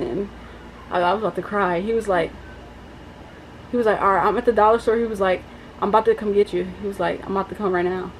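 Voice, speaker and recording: A young woman telling a story in a casual vlog, chatty and animated, with lots of fillers. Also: mid-range voice, quick pace, poor audio. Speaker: vlogger. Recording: faint background noise.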